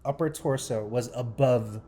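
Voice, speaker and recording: Young guy on a podcast, telling a story all excited, doing little sound effects. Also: mid-range voice, a little slow, noisy background. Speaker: podcast host. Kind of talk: casual storytelling chat.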